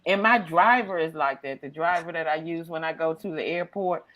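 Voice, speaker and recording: A woman's voice: low-pitched, normal speed. A woman hosting a comedy podcast, chatting casually and acting out the people in her stories. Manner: animated storyteller acting out quotes. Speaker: podcast host.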